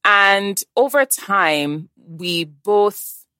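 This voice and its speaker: A woman's voice: medium pitch, drawn-out words, clean tone, no room sound. A woman in casual chat, talking about motherhood and acting out quotes as she tells her stories. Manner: animated storyteller, acts out quotes. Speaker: guest.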